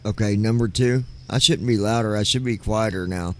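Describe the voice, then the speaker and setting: A man's voice: fairly low pitch, moderate pace. A man hosting a casual live stream, talking on a headset mic and joking with viewers while he tests his audio. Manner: playful, joking, testing his mic aloud. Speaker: streamer host.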